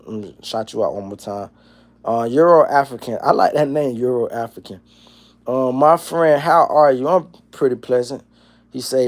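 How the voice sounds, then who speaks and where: A man in his forties hosting a casual livestream, rambling and profane, dropping to low mumbles and then breaking into loud, animated rants. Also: normal speed. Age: 40s. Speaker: livestream host. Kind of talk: casual livestream chat, reading chat comments.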